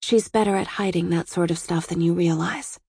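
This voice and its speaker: A guarded, lovelorn woman speaks in a hushed, gravelly murmur, as a woman narrator voices her. Her tone stays low and close. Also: steady tone, moderate pace, no room sound. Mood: subdued. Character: soft-spoken, guarded woman, weary and lovelorn.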